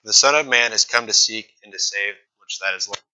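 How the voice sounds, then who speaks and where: A man's voice: fairly low pitch, brisk, pushed and bright, low-quality recording. A young man preaching a sermon in a casual, conversational way, reading scripture and acting out the people in the story with slangy asides.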